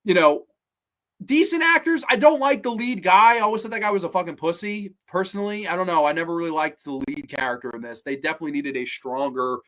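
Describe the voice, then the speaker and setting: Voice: medium pitch, fast, fairly bright tone. A podcast host chatting casually on a livestream, blunt and profane, rambling through opinions and answering viewers. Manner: rambling, with frequent restarts and trailing asides. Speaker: podcast host ranking horror films.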